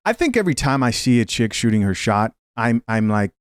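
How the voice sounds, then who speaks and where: A man's voice: medium pitch, big pitch swings, a little fast, clear, resonant tone, dry recording. A man in a dry, close-sounding room delivers casual, opinionated commentary on a clip. He talks straight to his viewers and reads their comments aloud between his takes. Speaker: reaction video host. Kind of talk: casual commentary reacting to clips.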